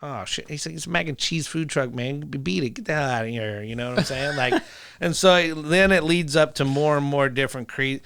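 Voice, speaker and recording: A man telling animated stories in a casual podcast chat, laughing often and acting out dialogue. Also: fairly high pitch, a little fast, gravelly, clear, resonant tone, dry recording, clean studio sound. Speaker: podcast guest, food truck owner.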